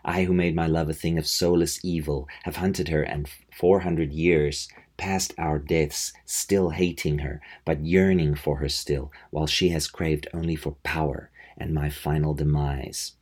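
A man reading the lines of a tormented male vampire in a slow, solemn, dramatic way. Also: extremely low pitch, fairly even intonation, a little mellow. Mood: solemn brooding.

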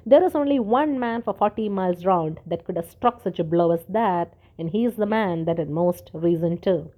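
A woman's voice: lowish voice, moderate pace, dark tone, close to an everyday voice. A woman reading aloud and voicing an outspoken, obstinate village cobbler who speaks bluntly. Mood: accusing.

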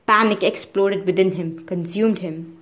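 A woman narrating a novel aloud for a podcast, in a steady, measured way. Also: fairly low pitch.

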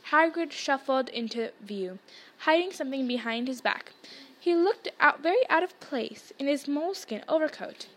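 A woman reads a novel aloud with a high voice. Her storytelling is lively and expressive.

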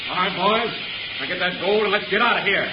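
A sneering outlaw boss, voiced by a man barking orders in a 1950s radio western, with a high voice. The old broadcast is muffled and hissy, with a roomy echo. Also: fairly quick, natural voice. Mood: menacing. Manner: sneering, commanding.

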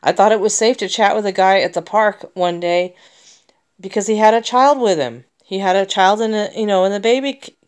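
A woman's voice: medium pitch, brisk, smooth. An American woman talking in a personal vlog monologue, emotional and rambling, with many restarts. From United States.

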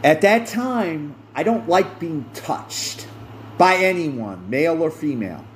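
A middle-aged podcast host tells a personal story slowly and deliberately, his fairly high voice lively and rising and falling a great deal. He speaks with earnest emphasis, repeating phrases to hammer his point home. A faint air-conditioner hum runs behind him.

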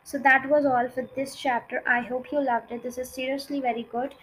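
A woman reads a children's novel aloud in a high voice. Her reading is expressive and has a few small slips. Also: a little fast, slight background noise, poor audio. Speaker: storybook reader.

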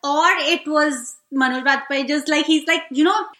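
A woman with a high, bright voice chats casually about films as a podcast co-host, talking animatedly and acting out lines. Her voice bounces around an echoey room. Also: moderate pace. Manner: animated, acts out lines with laughs.

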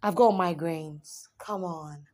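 A young woman performing spoken word poetry, dramatic, swinging between raised pleading lines and hushed whispers. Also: lowish voice, takes it slowly.

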